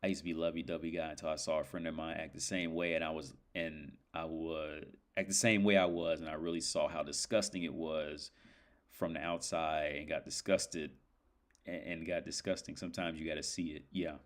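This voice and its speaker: A man's voice: extremely low pitch, little pitch movement, fairly quick. A man hosting a livestream, telling a story in a rambling, profane way with lots of fillers. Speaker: livestream host. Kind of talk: casual livestream chat.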